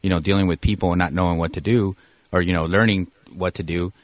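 A man who is a police officer, answering questions on a radio show in a halting, matter-of-fact way that often corrects itself. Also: low-pitched, fairly even intonation, no room sound. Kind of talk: casual radio interview answers.

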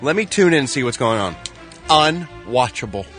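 A man's voice: mid-range voice, sing-song, normal speed, a bit bright, faint music behind. A man giving the showbiz report on a morning radio show, sardonic and bluntly opinionated in casual banter.

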